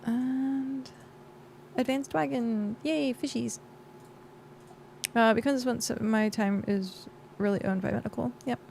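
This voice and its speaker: Gravelly-voiced woman streamer chatting. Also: fairly high pitch, fairly even intonation, slow pace, long pauses, darkish tone, a little hiss or hum. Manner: chatty and rambling, with frequent fillers. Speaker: game streamer. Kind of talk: casual livestream chat.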